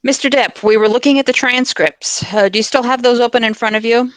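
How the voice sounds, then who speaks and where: A woman's voice: fairly high pitch, fairly even intonation, brisk, dry recording, pitched above the performer's own voice, close to an everyday voice. A woman voicing a cross-examining barrister, reading formal, pressing questions in a courtroom transcript reenactment.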